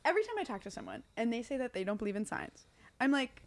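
A woman comedian from Long Island, telling stories on a casual podcast in an animated way and laughing often. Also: fairly high pitch, fast talker. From Long Island, New York. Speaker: comedian guest.

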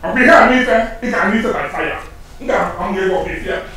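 A man's voice: high voice, lively intonation, moderate pace, very echoey, distant mic, poor audio. A man with a Nigerian accent, playing a hostile brother who rants and threatens in a film drama. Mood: furious. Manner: ranting, shouting accusations. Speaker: angry elder brother.

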